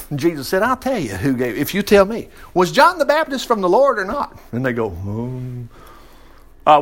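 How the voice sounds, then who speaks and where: In a high-sitting voice, a preacher delivers a sermon that mixes scripture reading with lively, folksy asides and voices he acts out.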